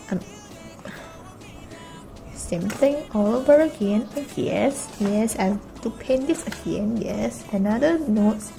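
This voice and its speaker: A young woman from Malaysia chatting excitedly while unboxing albums in her vlog, gasping often and dropping into breathy whispers. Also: a little high, rough recording. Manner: gushing, gasping, with frequent breathy exclamations. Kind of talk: casual excited unboxing chat.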